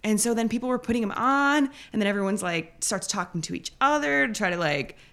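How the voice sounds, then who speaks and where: A rambling, chatty woman in her thirties, answering questions in a relaxed interview. Her voice carries a steady vocal fry at a middle pitch. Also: fairly quick. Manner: chatty, rambling, fills speech with "like". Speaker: guest. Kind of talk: casual interview chat.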